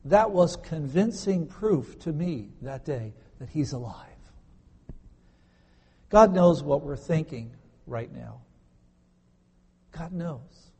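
A man preaching a sermon as a pastor, earnest, slowing down to stress key words. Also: fairly high pitch, expressive, creaky, a little mellow, slightly rough. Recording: long hall reverb.

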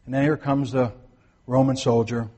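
With a dark, mid-range voice and level tone, this pastor preaches at a moderate pace while a long reverb tail follows him. His sermon is conversational, full of repeated points and sentences he restarts or corrects partway.

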